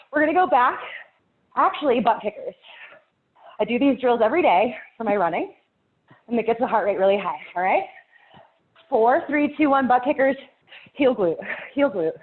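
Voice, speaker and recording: A woman fitness instructor, out of breath as she cues a live workout class, counting down reps and cheering people on. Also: fairly high pitch. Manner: encouraging, counts down reps, laughs between cues. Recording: tinny phone-like audio.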